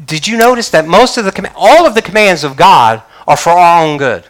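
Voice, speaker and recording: A man's voice: sits high, lively intonation, a little fast, a bit bright. An older man preaching a sermon as pastor, emphatic, with frequent hallelujahs. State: choked up.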